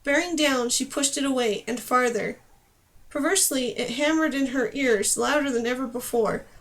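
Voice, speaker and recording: A woman narrating a fantasy audiobook with expressive storytelling. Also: sits high, moderate pace.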